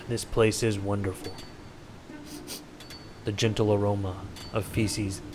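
A man voicing a small, filthy, boastful male goblin in a gruff, self-satisfied drawl during video game commentary. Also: lowish voice, little pitch movement, slow, noisy background, voice pushed down. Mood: smug. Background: game music.

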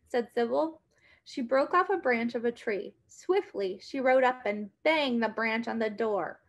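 Woman, storyteller for children, dramatic read-aloud, high voice, unhurried. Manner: expressive, dramatic reading.

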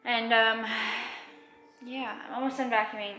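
A woman's voice: medium pitch, measured pace, sharp tone, faint music behind, poor audio. Tired young woman rambling in a vlog. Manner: rambling and self-deprecating. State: tired and drained. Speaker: vlogger. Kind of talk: casual vlog chat. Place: car and home.

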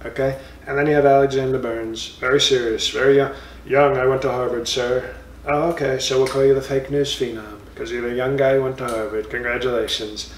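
A man's voice: medium pitch, little pitch movement, fairly quick, recorded from a distance, slight background noise, lightly acted. A man doing a comic impression of a blustering former president in a boastful, rambling monologue full of insulting nicknames, recorded in a roomy space.

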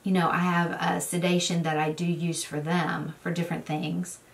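A woman's voice: on the low side, flat delivery, normal speed, recorded from a distance. Rambling woman vlogger. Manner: rambling storyteller, many fillers. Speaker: beauty vlogger. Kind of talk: casual get-ready-with-me chat.

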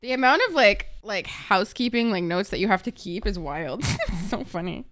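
Excitable young woman reacting to anime. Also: mid-range voice, moderate pace. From Egypt. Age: young adult. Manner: excitable, gushing, swears freely. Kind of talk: casual reaction commentary.

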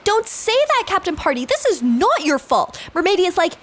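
Excitable high-voiced woman telling a game story. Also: a little fast, few pauses. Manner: excitable, gasping, chatty asides. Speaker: story narrator. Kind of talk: playful game story narration. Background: background music.

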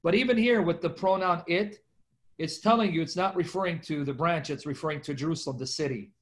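A man teaching scripture with lively, emphatic energy, his voice sitting a little higher than most men's. He speaks through a video-call microphone and talks straight to his class. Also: a little fast. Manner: animated, emphatic, talks to viewers as "guys".

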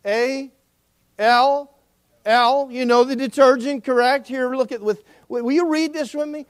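High-voiced emphatic man preaching. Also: a little slow. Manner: emphatic preaching, calls on the congregation to respond. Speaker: pastor. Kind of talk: sermon.

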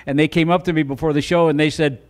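An older man with a notably high voice does a stand-up comedy set on a club stage. He rambles in a folksy, self-mocking way into a handheld microphone. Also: steady tone, fast talker, slight background noise.

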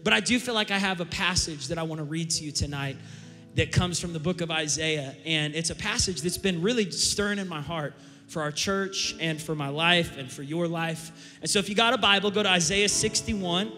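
A man's voice: a little high, moderate pace, pushed and bright. A man preaching a sermon as pastor, in a casual storytelling manner with a chatty drawl, on a stage microphone in a large church auditorium. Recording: long hall reverb, faint music.

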